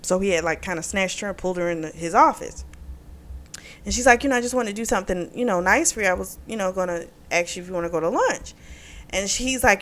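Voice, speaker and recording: Woman gossiping thru a book recap, swears a lot, laughs a lot, middle pitch. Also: a little fast, fairly bright tone. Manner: frank and profane, laughing often. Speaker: book reviewer. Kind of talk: casual spoken book recap.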